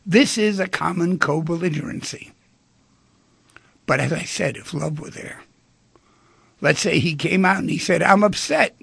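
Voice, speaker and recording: A man hosts a call-in radio show with a heavily gravelly, rough-textured voice that has a breathy edge. His pitch swings widely as he tells stories and acts out dialogue, and the sound is close and dry. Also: a little slow, long pauses, a bit bright, no echo. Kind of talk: talk radio discussion.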